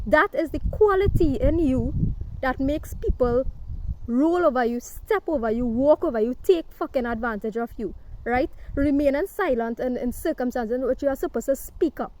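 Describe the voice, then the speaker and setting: Forceful high-voiced woman preaching. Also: moderate pace. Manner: forceful and preachy, with profanity and a constant "right?". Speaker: spiritual self-help speaker. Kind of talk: impassioned monologue to camera.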